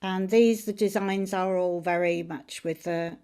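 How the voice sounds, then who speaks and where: A woman's voice: fairly low pitch, fairly even intonation, a little slow, dark tone, smooth. A woman teaching tarot in a friendly, chatty way, explaining each card as she shows it. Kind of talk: informal teaching on camera.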